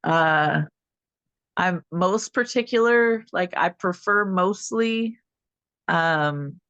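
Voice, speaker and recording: A woman co-hosting a podcast in casual chat, blunt and quick to swear. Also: on the low side, a bit bright, smooth, no echo, lo-fi sound. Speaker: podcast co-host.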